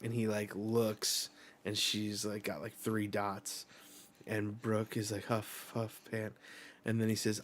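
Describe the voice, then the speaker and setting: A man's voice: on the low side, flat delivery, takes it slowly. A man hosting a live reading reaction, casually retelling a manga chapter panel by panel and reading the characters' lines aloud, with the odd swear.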